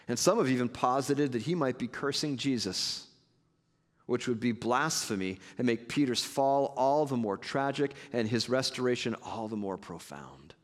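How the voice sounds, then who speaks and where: Male pastor, earnest sermon delivery, mid-pitched voice, long hall echo. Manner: earnest, measured preaching with conversational asides.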